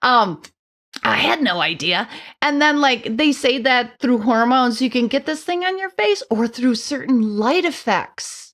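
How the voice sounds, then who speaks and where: A middle-aged woman on a podcast tells her story in a casual, animated way. Her fairly high voice bounces between quick asides and playful voices she puts on for herself and others. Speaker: podcast guest.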